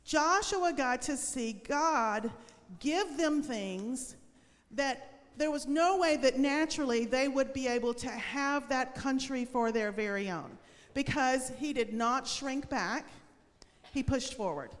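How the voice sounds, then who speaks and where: Woman teacher doing a school devotion for kids, high voice, peppy and encouraging, big reverby room. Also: slow. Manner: upbeat, encouraging, talks to children. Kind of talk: Christian school devotional lesson and prayer.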